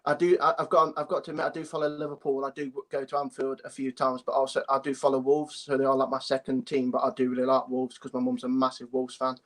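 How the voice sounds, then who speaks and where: A man's voice: medium pitch, monotone, fast, hardly any pauses, a bit bright. Hesitant, apologetic young man calling in. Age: young adult. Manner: hesitant, apologetic, restarts often. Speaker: caller. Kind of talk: phone-in chat.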